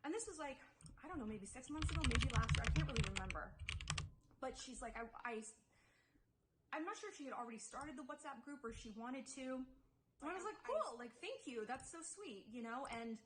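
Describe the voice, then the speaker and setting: A woman's voice: high-pitched, animated, fairly quick, noisy background. A young woman YouTuber telling an upsetting story to her viewers in a confessional vlog, rambling and defensive, full of "like" and restarts.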